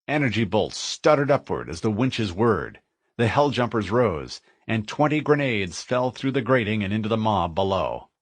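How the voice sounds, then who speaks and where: A man narrating a military science-fiction audiobook in a vivid, expressive storytelling manner. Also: on the low side, normal speed, no echo.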